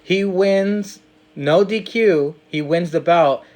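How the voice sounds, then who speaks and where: A man's voice: sits high, slow, darkish tone. A man hosting a casual podcast, teasing his guest and posing questions. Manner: playful, teasing, asks questions. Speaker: podcast host.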